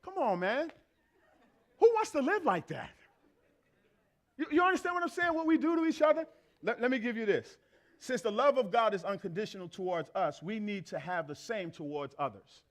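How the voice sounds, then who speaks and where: A man's voice: extremely high pitch, expressive, moderate pace, pauses often. A man preaching a sermon to a church congregation, conversational and emphatic, repeating his phrases for effect. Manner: conversational, acts out everyday exchanges.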